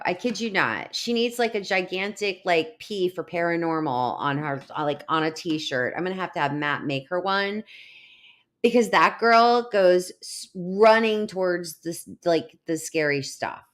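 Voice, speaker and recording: A woman's voice: lowish voice, animated, moderate pace. A middle-aged woman hosting a live online show, chatting casually and laughing as she rambles through stories. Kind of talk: casual live-stream chat.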